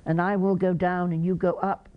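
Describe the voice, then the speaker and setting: A woman's voice: fairly low pitch, level tone, moderate pace, dull audio. A woman with an English accent giving a conference lecture, quizzing the audience and acting out short examples. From England. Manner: questions the audience and acts out examples. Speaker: conference presenter.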